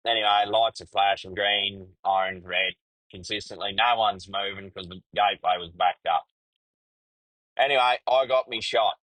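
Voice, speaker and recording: The poor, echo-free audio captures a middle-aged Australian man whose voice is lowish, a bit bright, and fairly even at a moderate pace. Hosting his podcast, he yarns crudely and casually about driving trucks, cursing freely.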